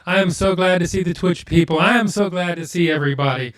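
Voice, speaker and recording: Chatty live-stream host, slightly high voice. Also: male voice, fast, fairly bright tone. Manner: chatty, greets viewers, mutters to himself while fixing audio. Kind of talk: casual live-stream chat.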